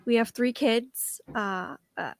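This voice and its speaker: A woman's voice: fairly high pitch, slow, creaky, dry recording, studio quality. A woman in her thirties from the Boston area with a thick Boston accent, chatting cheerfully as a guest. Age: 30s. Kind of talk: casual interview chat.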